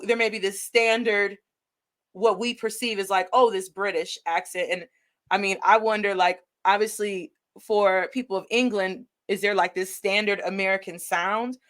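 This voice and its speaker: A woman from Detroit with a Detroit Midwestern accent, hosting a podcast interview over a live video call with energetic, expressive talk that mixes in Spanish words. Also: medium pitch, moderate pace. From Detroit, Michigan. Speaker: podcast host. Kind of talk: conversational interview.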